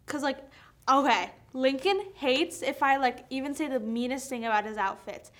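A young woman chatting casually with friends, reading quiz questions aloud and retelling stories loudly and animatedly. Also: high-pitched, normal speed. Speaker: quiz reader among friends. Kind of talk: casual chat.

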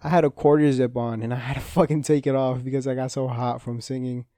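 Fast and flat in delivery, a young man's warm, mid-range voice comes through clean studio sound with a dry recording. He's hosting a casual solo podcast, rambling, swearing often, and stopping himself mid-thought, restless from an injured hand.

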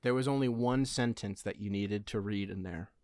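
A man co-hosting a podcast in casual sports chat, animated, with quick asides. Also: on the low side, no room sound, studio quality. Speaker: podcast co-host.

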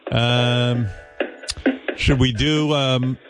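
A man's voice: medium pitch, fairly even intonation, extremely slow, loud music behind the voice. A man hosting a radio show, bantering casually and rambling as he gropes for words. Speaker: radio host. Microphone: studio microphone.

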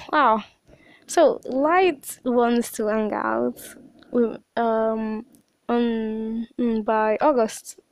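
A woman's voice: fairly high pitch, fairly even intonation, drawn-out words, smooth, no room sound. A woman in her late teens hosting a podcast, talking through a rambling, emotional personal monologue. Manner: emotional, rambling, with frequent restarts. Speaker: podcast host.

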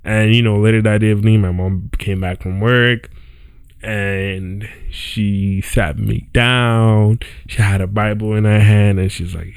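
Gravelly and fairly low in pitch, this young male podcast host speaks at a measured pace with a clean tone and no room sound. He spins a casual story, peppering it with "yo" and "right?", while his chair squeaks in his home setup.

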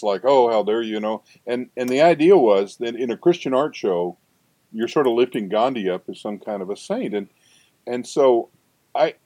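A man's voice: on the low side, darkish tone, no room sound. An older man, a seminary professor, talking in a rambling conversational interview with frequent restarts and asides.

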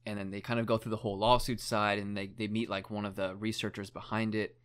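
A young man with a fairly low voice tells a story in loose, casual chat. He rambles, leans on "like" constantly and swears without thinking about it. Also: flat delivery, fast, smooth. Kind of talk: casual chat, retelling a documentary.

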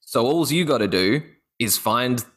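A man with an Australian accent, a guest actor telling stories in a casual interview, lively and often laughing. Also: medium pitch, unhurried, husky. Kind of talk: casual podcast interview chat.

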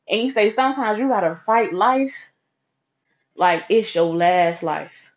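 A woman's voice: mid-range voice, lively intonation, a little slow. A woman casually telling a personal story, chatty and profane, with asides to her listeners. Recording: dull lo-fi recording.

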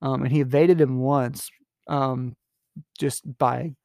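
A man's voice: mid-range voice, fairly even intonation, slow, gravelly, warm tone, no room sound, studio quality. A young man hosting a podcast, casually recapping a novel in a rambling, amused way with lots of fillers. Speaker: podcast host. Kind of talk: casual book recap with readings.

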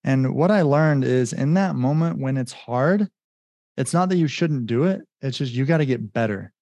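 An earnest man speaking on a podcast at a middle pitch, sounding close and dry with no room around him. He tells a personal story casually and leans on "like" as a filler while acting out remembered conversations. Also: animated, moderate pace, darkish tone, dry recording. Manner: earnest, heavy use of "like" fillers, acts out remembered dialogue. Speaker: podcast guest.

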